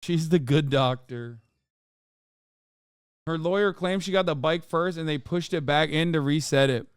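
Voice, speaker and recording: A man's voice: on the high side, unhurried, smooth, no echo, clean studio sound. A man streaming live, reacting to a clip in casual, blunt commentary full of swearing and disbelief. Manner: blunt, heavy swearing, incredulous.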